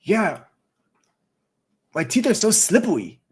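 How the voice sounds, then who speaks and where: A woman's voice: medium pitch, sing-song, takes it slowly, a little mellow, slightly rough, voice pushed up, exaggerated voice. A man voicing his five-year-old daughter, a blunt girl who swears without meaning harm and insists she is right. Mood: curious. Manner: adamant, swears casually.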